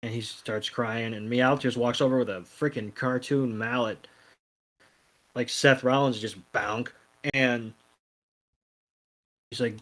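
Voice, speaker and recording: A man's voice: mid-range voice, steady tone, slow, long pauses, a bit bright, low-quality recording. A man co-hosting a podcast, recapping an episode in a laid-back way with many ums and some swearing. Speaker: podcast co-host. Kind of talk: casual recap chat.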